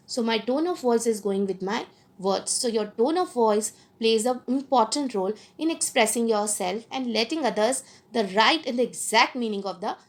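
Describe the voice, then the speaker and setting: A woman, a teacher giving a recorded lecture, explaining points slowly and repeating them with fillers. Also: a little high.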